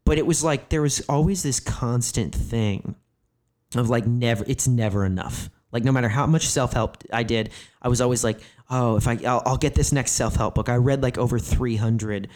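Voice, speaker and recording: A man's voice: mid-range voice, moderate pace, a little mellow. A man in his thirties, a comedian, telling candid stories in conversation, rambling and leaning hard on "like", with frequent swearing. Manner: rambling, filler-heavy "like" phrasing, profane. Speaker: comedian guest.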